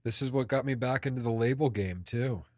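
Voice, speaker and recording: A man co-hosting a podcast in casual chat. He mostly gives short agreeing replies in a relaxed way. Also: mid-range voice, fairly quick, dry recording, clean studio sound. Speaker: podcast co-host and designer.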